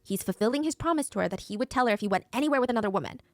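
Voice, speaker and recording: A woman's voice: a little high, animated, no echo. A woman narrating a true crime story in a dramatic, conversational way, played from a video. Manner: fast, dramatic, conversational retelling.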